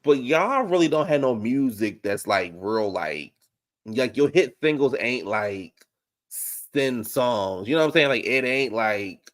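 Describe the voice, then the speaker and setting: A man rants bluntly and drives each point home by repeating it. His pitch is middle and his tone conversational. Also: expressive, measured pace. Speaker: podcast co-host. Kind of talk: casual commentary chat.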